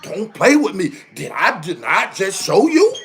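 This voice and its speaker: High, lively man ranting on a livestream. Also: unhurried. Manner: emphatic, repeats phrases, heated. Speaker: live streamer. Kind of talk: casual livestream rant.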